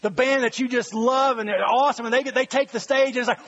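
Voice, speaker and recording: A middle-aged man gives an animated, storytelling sermon, breaking into excited shouts. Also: extremely high pitch, fast talker, hardly any pauses, highs cut off. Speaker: pastor.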